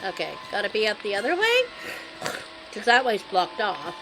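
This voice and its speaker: A woman's voice: medium pitch, sing-song, normal speed, music in the background, rough recording. A young woman streaming a game, chatting wryly to her viewers. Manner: chatty, wry asides to viewers. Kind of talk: casual gameplay commentary.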